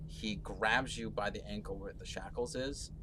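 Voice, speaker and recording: A man narrating a tabletop game as game master, slow and hesitant with fillers. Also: fairly low pitch, fairly even intonation. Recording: clear background noise.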